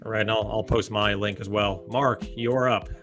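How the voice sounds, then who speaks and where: A man's voice: on the low side, fairly even intonation, moderate pace, a bit bright, soft background music. A man hosting a podcast, chatting casually with guests and reading sponsor notes with joking asides. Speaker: podcast host.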